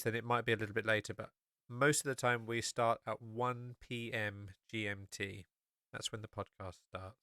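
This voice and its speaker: A man's voice: fairly low pitch, steady tone, moderate pace, bright, forceful tone, smooth, no echo, clean studio sound. A man hosting a solo podcast, talking casually and rambling, with many fillers and restarts. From England. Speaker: podcast host.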